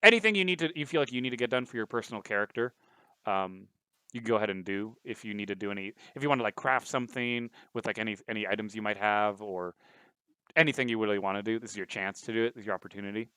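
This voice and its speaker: A man's voice: fairly low pitch, fast, smooth, dry recording. A man running a tabletop game as dungeon master, narrating casually with lots of fillers and restarts. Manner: rambling, many fillers, lively.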